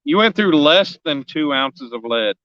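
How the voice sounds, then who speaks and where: A man's voice: on the high side, lively intonation, unhurried, a bit bright, no echo, lo-fi sound. A man in his forties, a fishing vlogger chatting casually on a live stream outdoors, joking and teasing his viewers as he rambles. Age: 40s. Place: outdoors on a riverbank.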